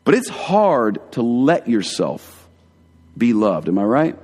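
A man giving a conversational, earnest sermon as a pastor, dropping to hushed tones for emphasis. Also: medium pitch, huge pitch swings, slow pace, husky. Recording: long hall reverb.

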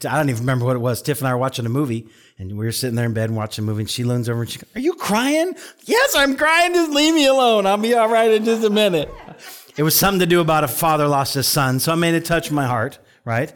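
A middle-aged man preaches a conversational sermon at a mid-range pitch. He tells stories with chatty asides, jumps his voice up when quoting an outburst, then drops soft and low to press a serious point. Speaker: pastor.

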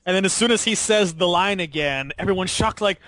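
A man hosting a podcast in casual discussion, animated and laughing often as he retells a story. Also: sits high, a little fast, dry recording. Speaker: podcast host.

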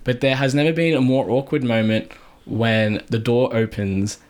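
A man's voice: mid-range voice, steady tone, moderate pace, a little mellow. A young man co-hosting a podcast, telling a crude story in casual chat, laughing and repeating words as he goes. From Australia. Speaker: podcast co-host.

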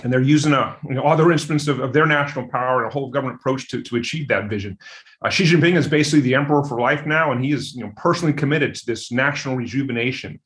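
Fast-talking male interview guest. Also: mid-range voice, a bit bright. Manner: quick, with many fillers and repeated words. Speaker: interview guest, security expert. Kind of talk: interview answers.

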